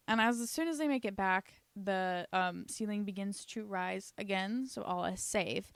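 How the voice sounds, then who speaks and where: A woman talking through a show recap in a loose, chatty way. She swears and uses "like" a lot, and her voice sits at a middling pitch. The sound is close and dry, with no room around it. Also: moderate pace, hardly any pauses, clean tone, no echo. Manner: chatty, swears freely, lots of "like" fillers. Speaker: YouTube recap host. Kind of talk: casual comedic show recap.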